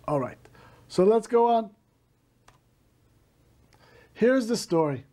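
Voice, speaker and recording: A male teacher slowly reading a story aloud to a class, stopping to gloss words in Hebrew. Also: high voice, lively intonation, mellow.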